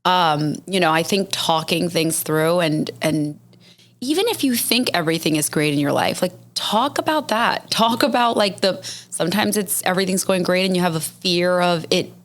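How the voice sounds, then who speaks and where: A woman's voice: lowish voice, fairly bright tone. A woman guest on a podcast who talks about business support in an earnest, reflective way. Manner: reflective, earnest, speaks through ideas aloud with restarts. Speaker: guest, business networking organizer. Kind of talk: casual conversational interview.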